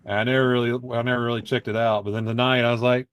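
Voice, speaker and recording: A man's voice: medium pitch, fairly even intonation, quick pace, hardly any pauses, a bit bright, clear, resonant tone, soft background music. A man co-hosting a casual chat, rambling through stories with lots of swearing and filler. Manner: profane, rambling storyteller who acts out quotes.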